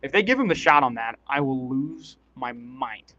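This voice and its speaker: A man doing casual, excitable play-by-play commentary on a live stream, chatty and quick to laugh. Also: mid-range voice, lo-fi sound.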